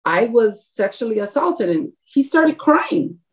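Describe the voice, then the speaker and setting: Woman, higher voice, personal testimony, animated, acts out dialogue, laughs often. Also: unhurried. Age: adult, married with a grown son. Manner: laughs often while talking. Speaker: interview guest.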